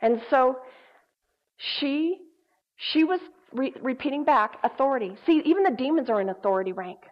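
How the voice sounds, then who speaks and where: Hoarse woman pastor, conversational sermon, higher pitch, dull lo-fi sound. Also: expressive, normal speed. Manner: conversational, emphatic, with many fillers. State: hoarse, recovering voice. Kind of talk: sermon with storytelling. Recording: dull lo-fi recording.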